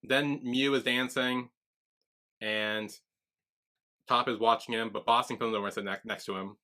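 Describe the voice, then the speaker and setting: Bright-voiced man recapping a show. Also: medium pitch, steady tone, moderate pace. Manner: retells scenes with quoted lines, laughing often. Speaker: podcast co-host. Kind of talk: casual recap chat.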